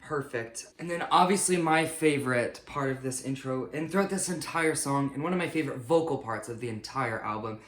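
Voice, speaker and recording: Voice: medium pitch, a little fast, hardly any pauses, fairly bright tone. A singer-songwriter chatting casually and upbeat about making an album, with a self-mocking streak. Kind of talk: casual behind-the-scenes chat. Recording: roomy echo.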